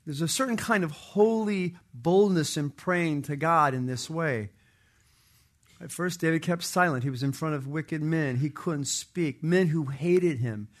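A middle-aged man delivers a sermon in a slightly high voice. He speaks earnestly and presses his points through emphatic repetition. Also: a bit bright. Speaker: preacher.

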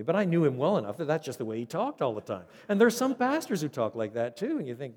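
A man preaching an expository sermon, animated and emphatic, often repeating words as he builds momentum. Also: on the high side, quick pace, hardly any pauses. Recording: echoey hall.

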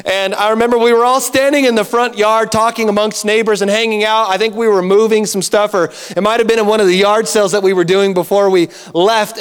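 A man preaching a sermon as a pastor, telling stories in an animated way and acting out the dialogue himself. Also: high voice, clean tone. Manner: animated storytelling with acted-out dialogue. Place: church hall. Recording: long church hall reverb.

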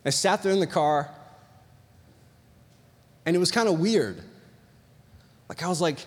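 Young male preacher, high voice, chatty storytelling sermon, hall reverb. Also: moderate pace, pauses often. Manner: animated, chatty storytelling with many "like"s.

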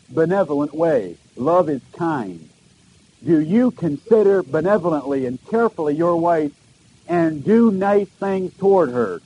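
Earnest preaching man, dark mellow voice. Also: on the high side, slight background noise, low-quality recording. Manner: earnest, questioning delivery with emphatic repetitions. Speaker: pastor. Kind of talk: sermon.

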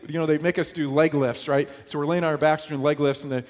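A man's voice: fairly high pitch, fairly even intonation, fast talker, long reverb tail. A man from New York preaching a sermon in a conversational way, often asking his listeners rhetorical questions. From New York, USA. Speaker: pastor.

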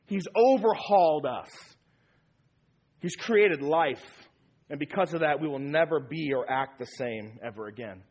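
A man's voice: on the high side, a little slow, darkish tone, husky, highs cut off. A man preaching a sermon as pastor, emphatic and repeating key phrases for weight.

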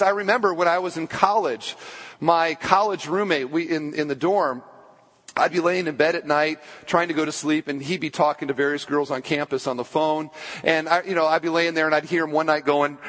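A man preaching from the pulpit, his somewhat high voice pressing hard and then slowing deliberately on the words he wants to land. Long reverb trails off each phrase in the church hall. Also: fairly bright tone. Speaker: pastor. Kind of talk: sermon.

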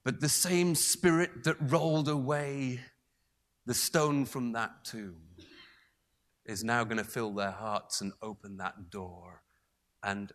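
A man preaching a sermon, moving between raised emphasis and hushed, almost whispered passages. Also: fairly low pitch.

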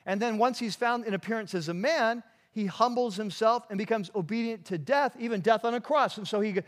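A man's voice: high voice, brisk. A man preaching a sermon in a conversational way, with frequent restarts and asides to the congregation. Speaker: pastor.

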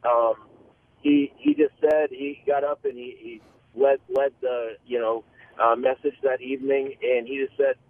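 A man calling in to a radio talk show, telling a personal story earnestly, with frequent halting restarts. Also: medium pitch, lively intonation. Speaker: caller. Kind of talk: call-in testimony. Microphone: phone. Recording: tinny phone line.

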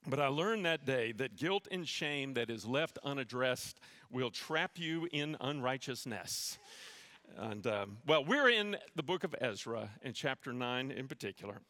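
Man pastor, bright and somewhat high voice, sermon in a reverberant church. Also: expressive, a little slow. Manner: storytelling with self-deprecating humor. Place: church sanctuary.

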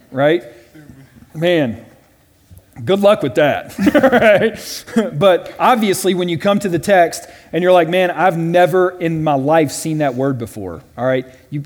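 A man teaching a Bible study class in a casual way, often checking in with "right?" and voicing quoted lines loudly and dramatically. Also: on the high side. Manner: conversational, with frequent "right?" and "all right?" check-ins. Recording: long reverb from a large hall.

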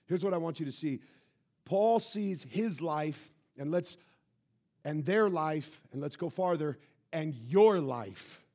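A man preaching a sermon as pastor of his church, building to shouted emphasis. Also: sits high. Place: church sanctuary.

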